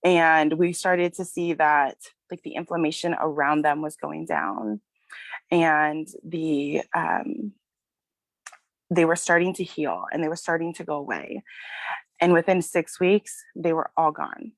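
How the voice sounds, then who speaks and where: A woman in her thirties, a mother telling a personal story in a halting, tearful way and apologizing as she goes. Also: sits low, dry recording. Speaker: guest sharing a testimonial.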